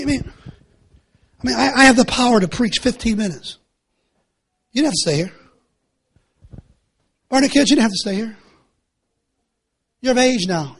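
A middle-aged man preaches a sermon in a high, gravelly, husky voice. He repeats his phrases again and again, building to loud shouts, then falls to hushed, earnest pleading. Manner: impassioned, repetitive, swinging between shouting and hushed pleading. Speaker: pastor.

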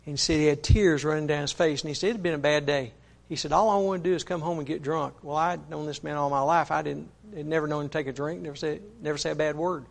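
A man's voice: fairly high pitch, fairly even intonation, fast, vocal fry, hardly any pauses. A man preaching a sermon, retelling another man's story in a folksy, earnest way, with frequent "he said" asides.

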